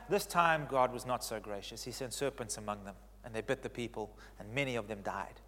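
A man preaching a sermon as pastor, stressing key phrases by repeating them and swinging between loud declarations and hushed lines. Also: a little high, big-room sound.

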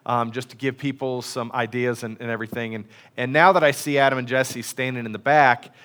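A man's voice: medium pitch, steady tone, brisk, a bit bright. A man preaching a casual, folksy sermon in a church, chatty and self-deprecating with many fillers. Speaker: pastor. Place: church sanctuary.

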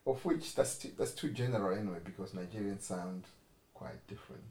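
Man, podcast co-host, rambling casual chat, lowish voice, echoey room with faint hum. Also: brisk, darkish tone. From Africa. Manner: rambling, laughs often, self-correcting. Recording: roomy echo with faint ambience.

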